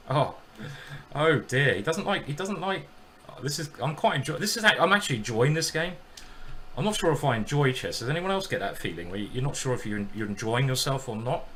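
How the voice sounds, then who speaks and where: A man commenting live on his own blitz chess games and joking with his chat in an animated, self-mocking way. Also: mid-range voice, fairly quick, slight background noise. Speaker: chess streamer.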